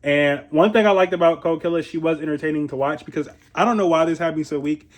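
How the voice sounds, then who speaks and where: A young man from Ohio giving a casual, profane commentary on a reality show. He is chatty, laughs often and makes animated asides. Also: fairly high pitch, fast talker. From Columbus, Ohio, USA. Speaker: reality TV reviewer.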